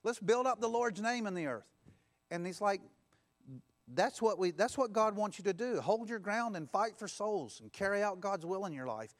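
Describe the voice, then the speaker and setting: High-pitched guy preaching in church, repeats lines and gets the crowd to say them back. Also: lively intonation, moderate pace. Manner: exhorting, repeats phrases and leads call-and-response. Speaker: pastor. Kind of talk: sermon.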